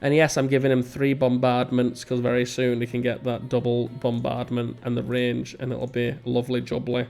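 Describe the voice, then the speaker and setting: A man's voice: mid-range voice, monotone, moderate pace, gravelly, hardly any pauses, a little mellow. A man with a Northern English accent, hosting a strategy game let's play with rambling, self-mocking commentary. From England. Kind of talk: casual gameplay commentary.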